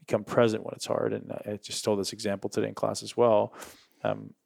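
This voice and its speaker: A man's voice: lowish voice, little pitch movement, a little fast, creaky, darkish tone, no echo, clean studio sound. A man hosting a podcast, talking enthusiastically in a coaching tone about mindset and breathing. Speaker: podcast host. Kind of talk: casual podcast interview.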